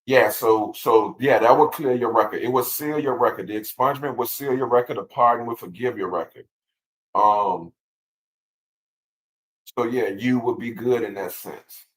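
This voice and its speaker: Recorded in low quality, a man with a medium-pitched voice talks at a normal speed while hosting a laid-back livestream. He alternates between reading legal text and answering viewers, frequently repeating words.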